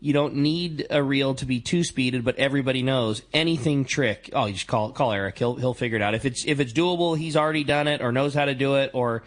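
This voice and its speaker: A man's voice: medium pitch, a little fast, hardly any pauses. A man hosting a fishing radio show, bantering with guests in a friendly, upbeat way. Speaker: radio host. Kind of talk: casual radio chat.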